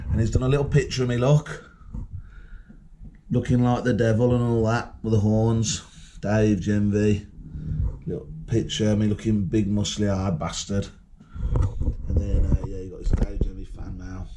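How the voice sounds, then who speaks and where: A man's voice: on the low side, little pitch movement, normal speed, long pauses, warm tone, a little hiss or hum. A British man ranting to camera in a rambling vlog, swaggering and combative, swearing heavily. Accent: British English. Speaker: vlogger. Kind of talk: rambling profane vlog monologue.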